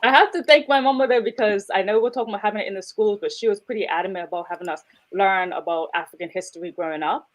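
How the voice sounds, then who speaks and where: A woman co-hosting a morning talk show, moving briskly through stories and news headlines. She talks fast and keeps a chatty tone while reading out the headlines. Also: medium pitch, low-quality recording. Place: radio talk show studio.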